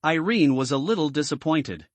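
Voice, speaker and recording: A man reading a translated comic story aloud as a recap narrator, in a steady, even manner. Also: fairly high pitch, normal speed, dry recording.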